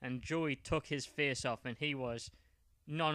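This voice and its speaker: Bright man, playful rambling storyteller, dry close sound. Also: mid-range voice, fairly even intonation, measured pace, no echo. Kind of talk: improvised fan-fiction storytelling.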